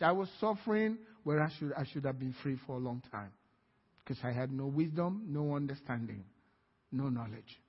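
High-voiced preacher in a reverberant hall. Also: male voice, husky. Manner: storytelling, swings from quiet to loud. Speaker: guest preacher. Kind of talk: sermon. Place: church sanctuary. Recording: dull, reverberant church hall.

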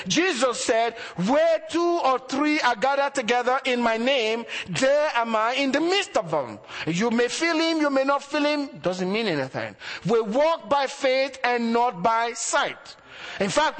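High-voiced preaching pastor, man. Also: fairly bright tone. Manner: preaching with rising and dropping emphasis, rhetorical questions. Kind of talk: sermon.

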